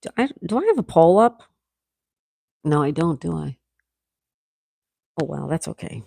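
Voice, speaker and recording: A woman's voice: low-pitched, very animated, measured pace, creaky, mellow, no room sound. Chatty woman in her sixties, dry sound. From New York State. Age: 60s. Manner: chatty, reads viewer comments aloud, laughs often. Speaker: livestream host. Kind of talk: casual live chat reading comments.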